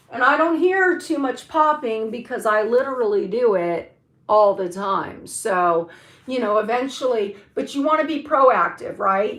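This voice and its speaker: Slow, chatty woman in an echoey room. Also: on the high side, a bit bright. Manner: chatty, joking, slangy, drawn-out. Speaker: live-stream host. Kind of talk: casual live-stream exercise demo.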